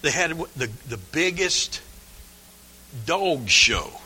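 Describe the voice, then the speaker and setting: Folksy older preacher with a twang. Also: male voice, a little high, big pitch swings, slow, breathy edge. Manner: folksy storytelling, swinging from hushed asides to shouting. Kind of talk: sermon. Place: church sanctuary. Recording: long hall reverb.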